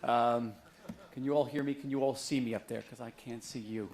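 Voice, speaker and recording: A middle-aged man giving a book talk to a live audience in a museum auditorium, chatty and joking, telling stories with lively emphasis. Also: medium pitch, moderate pace. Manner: conversational, joking, animated storytelling. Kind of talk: public lecture to an audience.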